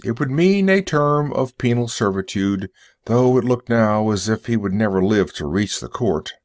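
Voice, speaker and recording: A man reading a story aloud for English learners, in a measured storytelling manner. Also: fairly low pitch, no room sound, clean studio sound. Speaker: narrator.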